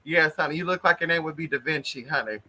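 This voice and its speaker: A man's voice: a little high, fast talker, sharp tone. A man hosting a casual livestream, greeting viewers one by one in a flamboyant, blunt and profane way, calling everyone honey. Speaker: livestream host.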